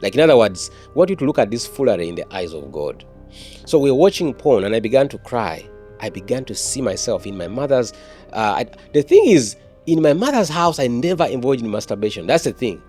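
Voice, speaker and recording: A man's voice: medium pitch, sing-song, fairly quick, dark tone, faint music behind. A man, an evangelist telling his personal testimony in an interview, earnest and often repeating words and restarting.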